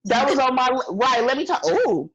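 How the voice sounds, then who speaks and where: A husky-voiced woman talks through a TV episode with friends, her pitch jumping around as she quotes characters and laughs. The sound is dull and lo-fi. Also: expressive, normal speed. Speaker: podcast co-host. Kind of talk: casual chat recapping a TV episode.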